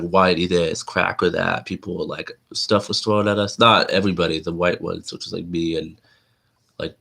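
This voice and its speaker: A man's voice: sits low, gravelly, a bit bright. A man in his twenties hosting a live stream, talking to viewers in a rambling, blunt, informal way with casual slang. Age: 20s.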